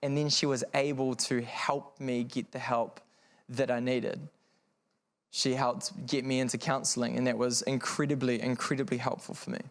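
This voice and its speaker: A man's voice: mid-range voice, level tone, normal speed. A man speaking frankly to parents in a seminar room, telling a personal story in a conversational, earnest way with wry asides.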